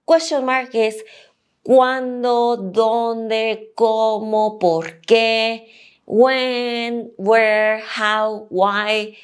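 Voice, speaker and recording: A woman whose first language is Spanish teaches an online language lesson, repeating each example slowly and deliberately. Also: a little high, fairly even intonation, clean tone.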